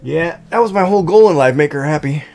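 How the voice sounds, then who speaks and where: A man's voice: a little high, expressive, quick pace, darkish tone. Rambling middle-aged male streamer. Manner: rambling, filler-heavy, many restarts. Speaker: livestream host. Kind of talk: casual chat. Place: home.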